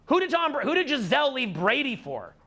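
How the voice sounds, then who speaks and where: Middle-aged man addressing a live audience, emphatic and repetitive, with a high, bright voice. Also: wildly swooping pitch, brisk. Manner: emphatic, repeats phrases, many fillers. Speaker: dating coach speaking to a live audience. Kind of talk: animated seminar talk.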